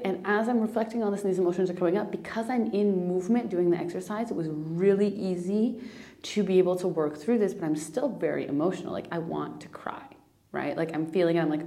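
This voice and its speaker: A woman's voice: on the low side, brisk, dark tone. A young woman hosting a podcast, talking through her feelings in a candid, emotional monologue with restarts and swearing. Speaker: podcast host.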